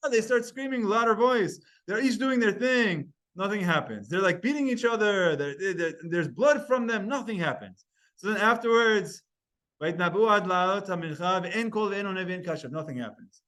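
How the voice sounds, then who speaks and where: A man teaching a Talmud class, reading Hebrew verses aloud and retelling them in lively, storytelling English. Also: high voice, normal speed. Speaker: Torah teacher.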